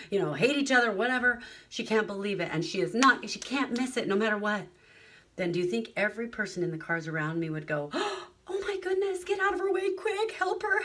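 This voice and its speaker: A woman's voice: fairly low pitch, a bit bright, distant mic. A middle-aged woman giving an earnest motivational talk at a retreat, telling personal stories and acting out the voices of others. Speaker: retreat speaker.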